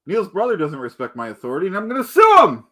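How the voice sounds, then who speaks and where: A man's voice: high-pitched, huge pitch swings, quick pace, a bit bright. A man in a rambling comedic rant, indignant and boastful, calling himself the Duke and stumbling over repeated words. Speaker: comedic ranter.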